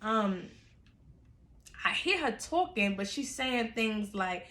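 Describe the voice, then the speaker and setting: Woman storyteller, casual vlog, animated and chatty, bright voice in an echoey room. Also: mid-range voice, slow pace, long pauses. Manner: animated, chatty, laughs often. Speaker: storyteller vlogger.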